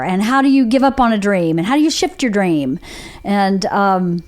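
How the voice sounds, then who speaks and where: A woman's voice: medium pitch, lively intonation, moderate pace, darkish tone. A woman from Georgia with a Southern accent, hosting a podcast and telling her own story in a candid, rambling way, with restarts. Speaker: podcast host. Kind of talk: casual chat.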